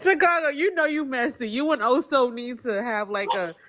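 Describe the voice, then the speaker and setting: A woman's voice: high voice, normal speed, noisy background. Emotional woman thanking a live stream host. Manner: emotional, grateful, rambling with many restarts. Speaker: guest speaking on a live stream. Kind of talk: heartfelt casual chat.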